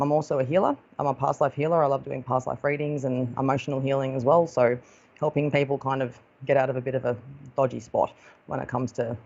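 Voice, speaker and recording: A woman's voice: rumbling low, a little mellow, muffled recording. An Australian woman hosting a live stream as a psychic medium, chatting casually and affectionately, calling viewers darling as she greets them.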